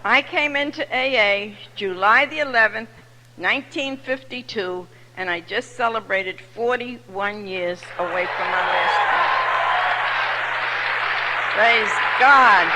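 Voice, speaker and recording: An older woman from New York with a New York accent, telling her personal story to an audience as a recovery meeting speaker, lively and humorous. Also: medium pitch, very noisy. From New York City. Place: large meeting hall. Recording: echoey hall recording.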